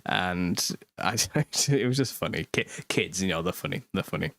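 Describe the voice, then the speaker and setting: A man's voice: deep voice, lively intonation, normal speed, fairly bright tone, no room sound. A British man in his thirties hosting a casual livestream, chatting and reading viewer comments, laughing often mid-sentence. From United Kingdom. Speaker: host.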